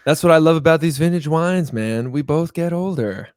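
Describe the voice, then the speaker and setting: A man doing a low, lazy movie-star drawl. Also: normal speed, darkish tone, clear, resonant tone, no room sound, studio quality, natural voice. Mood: laid-back. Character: laid-back drawling male movie star impression.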